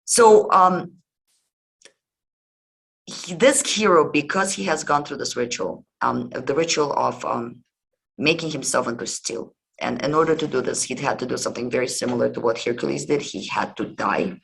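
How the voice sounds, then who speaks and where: A man's voice: medium pitch, normal speed, gravelly, fairly bright tone, slightly rough, poor audio. A man hosting a history podcast, retelling old myths in a casual lecture, hesitant and full of ums and restarts.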